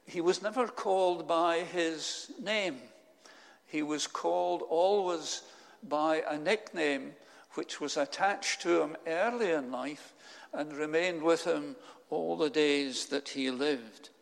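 A man preaching a sermon, telling a story with slow, solemn pauses. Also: fairly high pitch, gravelly, long reverb tail.

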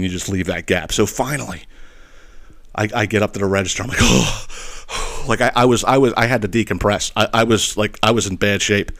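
A man's voice: fairly low pitch, a bit bright. A man hosting a podcast, telling a story as a profane, exasperated solo rant and checking in with listeners with a constant "okay?". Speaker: podcast host.

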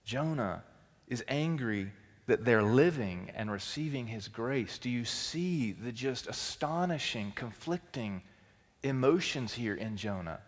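A male teaching pastor delivering a sermon, swinging between loud emphatic bursts and quiet, intense stretches. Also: mid-range voice, animated, unhurried. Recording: long hall reverb.

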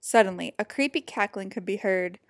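A woman reading a children's picture book aloud in an expressive, animated way. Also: medium pitch, fairly quick, noisy background. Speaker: storybook reader.

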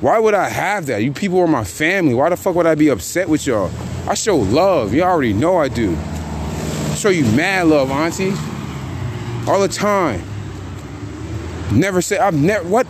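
A man rants on his own podcast, animated and profane, heavy with street slang. His voice rides a touch higher than most men's. He seems to be outdoors, with faint traffic noise behind him. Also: moderate pace. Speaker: podcast host. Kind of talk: casual rant.

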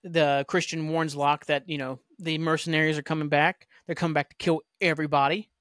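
A man rambles through a TV episode recap on his podcast, swearing freely and acting out quoted lines. His voice sits a bit high for a man. The recording is dry, with no room sound. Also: a little fast, no room sound. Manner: rambling, profane, animated retelling with quoted lines. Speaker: podcast host. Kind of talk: casual solo rewatch recap.

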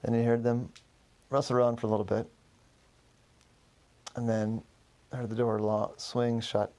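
A man's voice: medium pitch, little pitch movement, unhurried, darkish tone. A man narrating an improvised story loosely, with restarts and self-corrections.

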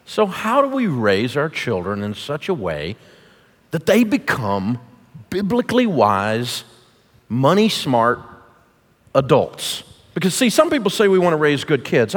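A man's voice: medium pitch, huge pitch swings, moderate pace. Emphatic middle-aged man preaching in a hall. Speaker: guest speaker. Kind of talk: sermon. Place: large church auditorium. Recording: long hall reverb.

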